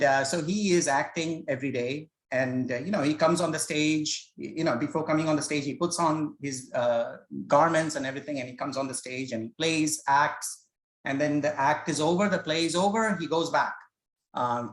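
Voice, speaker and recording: In a rough recording from an echoey room, a man with a slightly high voice speaks at normal speed. He runs his own scripture study session as an informal spoken lecture, explaining hesitantly and conversationally and weaving in stories.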